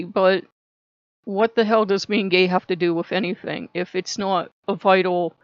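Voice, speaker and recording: A woman's voice: on the low side, fairly even intonation, a little slow, no echo. A woman ranting angrily in a casual vlog, swearing and sarcastic, laughing now and then. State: angry. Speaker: channel host. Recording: dull lo-fi sound.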